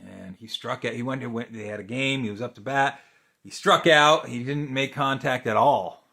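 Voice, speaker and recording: A middle-aged man talks through his lesson like a therapist explaining to a client, unscripted and easygoing. He fills pauses with ums and uhs and checks in with rhetorical questions. His voice sits at an ordinary pitch for a man. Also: creaky, sharp tone. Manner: conversational, many fillers and restarts, asks rhetorical questions. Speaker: therapist teaching a video course. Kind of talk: unscripted teaching talk to camera.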